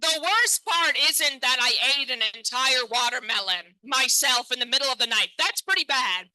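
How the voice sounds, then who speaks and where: Bright-voiced woman doing stand-up. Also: high voice, animated, normal speed, no room sound, low-quality recording. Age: 30s. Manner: self-deprecating, chatty, addresses the crowd. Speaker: stand-up comedian. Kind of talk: stand-up comedy set. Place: comedy stage.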